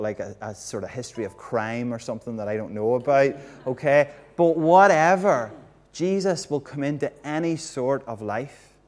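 Animated male preacher acting out stories. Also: mid-range voice. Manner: animated, acts out the story and quizzes the congregation. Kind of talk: lively all-age sermon with props.

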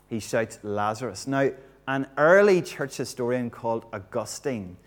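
Animated male preacher acting out stories. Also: medium pitch. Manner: animated, acts out the story and quizzes the congregation. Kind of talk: lively all-age sermon with props.

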